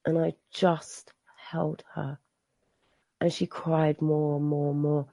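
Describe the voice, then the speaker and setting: A woman's voice: low-pitched, little pitch movement, takes it slowly, vocal fry, mellow, dry recording. A woman, a mother, sharing her personal recovery story at a meeting, telling it with emotion, repeating herself and restarting often. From England. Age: adult. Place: meeting room.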